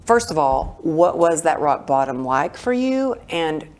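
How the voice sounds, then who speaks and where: A woman's voice: deep voice, sing-song, a little slow, darkish tone. A woman hosting a podcast interview, effusive and enthusiastic as she introduces and questions her guest. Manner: effusive, enthusiastic, emotional reactions. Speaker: podcast host.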